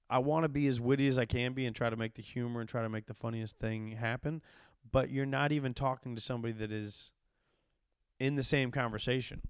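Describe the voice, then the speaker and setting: In his thirties and hosting his podcast, this comedian tells a story with casual profanity and lots of energy, performing each quote. He has a mid-range voice with a clear, resonant tone, captured at studio quality without echo.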